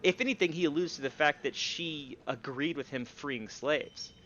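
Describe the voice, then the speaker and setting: A man narrating as game master for a tabletop game, talking in a halting way with many fillers. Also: fairly high pitch, sharp tone, muffled recording.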